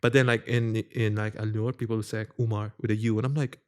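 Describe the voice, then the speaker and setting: A man's voice: lowish voice, level tone, fast talker, a little mellow, smooth. A young man hosting a casual podcast chat, telling stories with quoted voices and laughing often. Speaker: podcast host.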